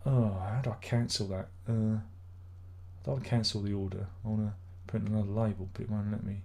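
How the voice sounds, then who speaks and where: A man's voice: fairly low pitch, fairly even intonation, moderate pace, creaky, mellow. A middle-aged man hosting a casual live stream, grumbling, swearing and rambling in exasperation.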